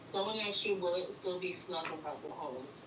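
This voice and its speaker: Low-voiced woman far off-mic. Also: moderate pace. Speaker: helper reading viewer comments. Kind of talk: casual chat. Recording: roomy, distant off-mic with noise.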